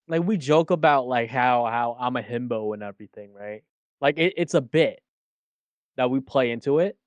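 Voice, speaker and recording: A man co-hosting a casual reaction stream, speaking in a measured, wry way. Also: mid-range voice, no room sound. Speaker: VTuber co-host.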